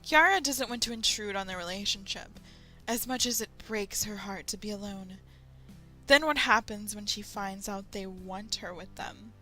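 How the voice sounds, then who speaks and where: A woman's voice: medium pitch, normal speed, bright, forceful tone, faint music behind. A young woman hosting a fan fiction reading, mixing the story with laughing, swearing, sarcastic asides. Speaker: fan fiction reader and host. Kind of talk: dramatic reading with comic asides.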